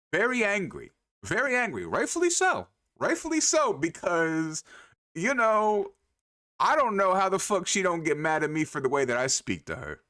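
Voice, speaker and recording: A young man streaming and ranting to his viewers, loud with profanity and emphatic repetition. His voice sits a little high and swings widely in pitch. It has a bright, forceful edge. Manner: animated, profane, emphatic with repeated phrases. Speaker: livestreamer. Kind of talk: casual rant to stream chat.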